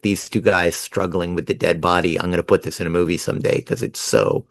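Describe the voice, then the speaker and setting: A man in his sixties from New Jersey, telling stories fast and animatedly as a guest in a casual interview. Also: deep voice, creaky. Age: 60s. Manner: fast-talking, animated storyteller. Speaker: guest writer.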